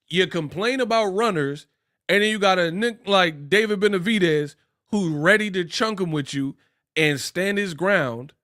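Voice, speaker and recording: Here a slangy Bay Area man goes off about boxing, his high-pitched voice moving a little slowly. This boxing commentator's casual ranting is lively and mocking, with put-on voices for the quotes.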